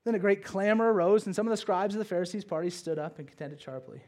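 A man preaching a sermon and explaining scripture, moving between loud emphasis and hushed low asides, with conversational checks like "okay?" and "right?". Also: fast.

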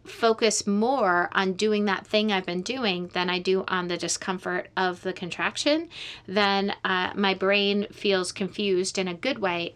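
A woman hosting a casual podcast chat about birth, affirming her guest with frequent agreement. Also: medium pitch. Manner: warm affirming, many agreeing fillers. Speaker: podcast host, birth worker.

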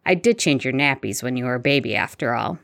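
A woman's voice: rumbling low, expressive, fast, creaky, fairly bright tone, dry recording, studio quality, voice pushed down, exaggerated voice. A woman reading fan fiction aloud, voicing a wry, teasing middle-aged male wizard.

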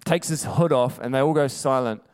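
A man's voice: mid-range voice, brisk, smooth. A male preacher giving a sermon, emphatic and conversational, telling stories.

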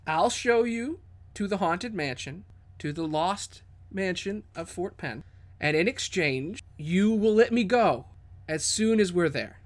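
A man's voice: high-pitched, lively intonation, measured pace. A man voicing a sly, cheerful female rogue prisoner who bargains for her freedom. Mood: wheedling.

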